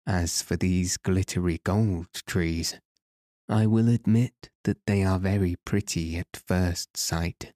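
A man doing a calm, measured gnome king. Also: sits low, no room sound, clean studio sound.

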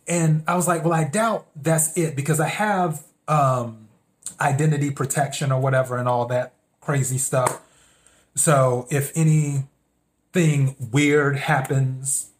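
A man hosting a podcast, telling a story in a casual, meandering monologue and acting out his own thoughts in quotes. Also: on the high side. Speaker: podcast host.

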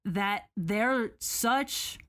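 A woman hosting a podcast, retelling a story in a casual, animated, sarcastic way with mock quotes. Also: medium pitch, very slow. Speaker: podcast host.

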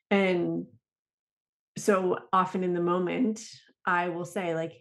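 A woman's voice: fairly low pitch, level tone, a little slow, vocal fry. A middle-aged woman hosting a podcast, sharing a personal story in a chatty way with many fillers. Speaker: podcast host. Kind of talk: podcast interview.

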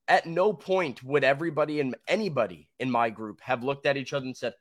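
A man co-hosting a sports radio morning show, giving his opinions in relaxed casual chat. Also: mid-range voice, moderate pace, hardly any pauses, no room sound, clean studio sound. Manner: opinionated, conversational with fillers.

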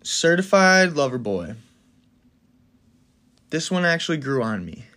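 A man hosting a solo podcast in a casual, opinionated way, talking fast with excited bursts. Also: fairly high pitch. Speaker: podcast host.

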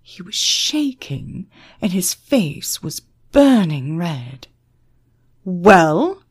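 A woman narrating an audiobook in a slow, expressive storytelling style. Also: lowish voice, slightly rough.

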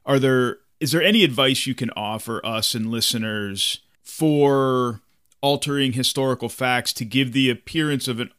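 A man's voice: medium pitch, sharp tone, dry recording, studio quality. A man hosting a gaming podcast, asking a rambling, casual question. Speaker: podcast host. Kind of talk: podcast interview.

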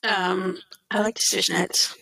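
A woman's voice: mid-range voice, level tone, unhurried, gravelly, bright, forceful tone, no echo, rough recording. A woman co-hosting a podcast, chatting casually and animatedly, laughing often and acting out what others said. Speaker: podcast co-host. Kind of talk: casual chat recapping wrestling shows.

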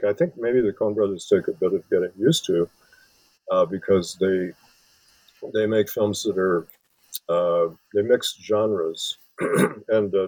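A man's voice: deep voice, a little mellow, slightly rough, dry recording, poor audio. A man from Wisconsin, an author and film scholar, giving long rambling interview answers full of restarts. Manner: rambling, many restarts and fillers.

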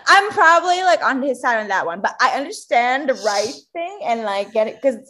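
A woman's voice: high voice, sing-song, normal speed, pushed and bright. A young woman from Macau co-hosting a podcast in a casual chat, talking loosely with lots of fillers and laughs. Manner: chatty, laughs often, many fillers. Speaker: podcast co-host.

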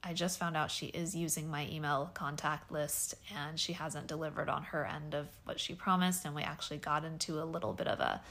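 Woman, 30s, solo podcast host; slightly low pitch, hesitant, soft-spoken delivery full of fillers. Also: fairly quick, hardly any pauses. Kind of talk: casual personal podcast monologue. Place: home bedroom.

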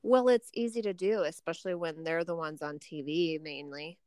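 A woman co-hosting a podcast in casual chat, animated and quick to laugh. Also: low voice, clear, resonant tone, no echo, studio quality. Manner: chatty, laughs often, animated. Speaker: podcast co-host.

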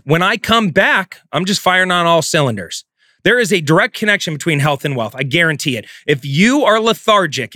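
A man's voice: fairly high pitch, pushed and bright, no room sound, studio quality. A man giving a profane, emphatic motivational talk as a real estate coach. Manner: intense, profane, emphatic delivery.

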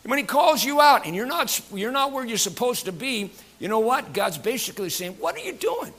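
A male pastor delivers a sermon in a church, his voice high and ringing with a bright, forceful edge. He preaches in an animated, folksy way, full of fillers and jokes, and talks to his congregation. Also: fairly quick.

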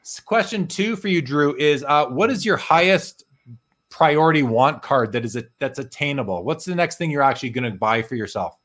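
A man's voice: fairly high pitch, expressive, moderate pace, fairly bright tone. A man hosting a live interview show in a friendly, conversational manner. He asks questions and reads out viewer comments. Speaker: host.

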